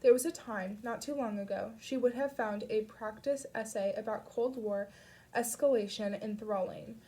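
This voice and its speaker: A woman reading an audiobook chapter aloud in a steady storytelling manner. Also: mid-range voice, normal speed. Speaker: audiobook reader. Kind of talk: audiobook narration.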